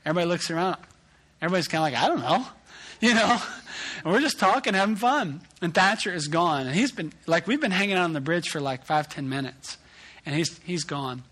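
A man's voice: a little high, lively intonation, a little fast, fairly bright tone. A man, a pastor telling a self-deprecating family story in a sermon.

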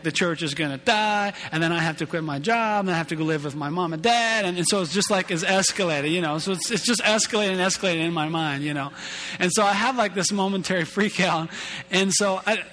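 A man's voice: fairly high pitch, a bit bright. A man in his thirties preaching a sermon as a pastor, casual and self-deprecating, often repeating and restarting his words. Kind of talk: conversational sermon. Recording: long hall reverb with faint hum.

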